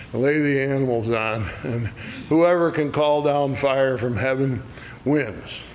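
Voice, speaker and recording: A man teaching an adult Bible study, retelling a story with lively acted quotes and chuckles. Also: mid-range voice, slight background noise.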